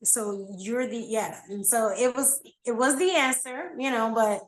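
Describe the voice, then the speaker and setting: A woman who is a yoga teacher, chatting as a podcast guest in an animated, emotional way and laughing often. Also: a little high, unhurried. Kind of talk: casual interview conversation. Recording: echoey room.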